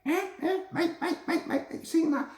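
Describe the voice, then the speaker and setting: A nosy chattering seagull. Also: male voice, moderate pace. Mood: excited. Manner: high, squeaky, excited chatter. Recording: roomy echo.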